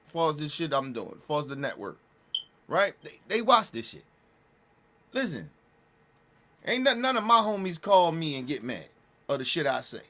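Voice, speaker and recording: A man talking casually and bluntly, repeating and restarting his phrases, with emphatic jumps in pitch and loudness. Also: sing-song, moderate pace, pauses often, a little hiss or hum. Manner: blunt, repetitive, restarts phrases, profane slang. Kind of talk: casual street talk commentary.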